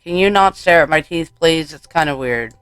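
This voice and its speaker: Brief: male let's-player narrating a story game, light higher voice, smooth, dry close mic, soft music under. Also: moderate pace, no echo. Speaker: let's play gamer. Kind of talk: reading a horror game aloud.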